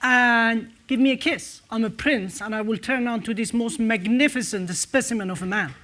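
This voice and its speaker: A man's voice: very high voice, moderate pace, sharp tone. A man doing a pleading talking frog prince. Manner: coaxing, growing exasperated.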